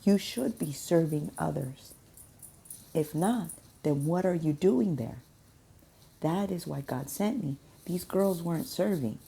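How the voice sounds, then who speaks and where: A woman's voice: low-pitched, creaky, mellow, husky. A woman telling a casual faith testimony about her restaurant work, earnest and preachy, repeating her points for emphasis. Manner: earnest, preachy repetition with laughs. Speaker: restaurant worker sharing a faith story.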